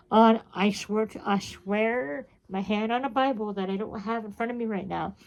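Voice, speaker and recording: A woman's voice: medium pitch, normal speed, hardly any pauses, muffled recording. A woman in her thirties chatting casually to her vlog audience, rambling and frustrated, swearing freely. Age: 30s. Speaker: vlogger. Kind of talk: casual diary-style chat.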